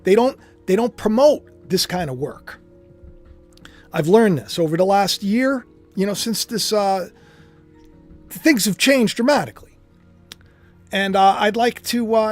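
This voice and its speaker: A man's voice: high-pitched, unhurried, long pauses, faint music behind. A man hosting his own channel, talking to viewers in a rambling, conversational way, full of restarts and asides. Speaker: host. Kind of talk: casual speculative monologue.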